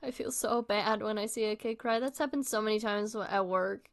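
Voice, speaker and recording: Chatty streamer woman with a smooth voice. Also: mid-range voice, brisk. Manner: chatty and rambling, many fillers. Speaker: livestream host. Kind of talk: casual reaction commentary.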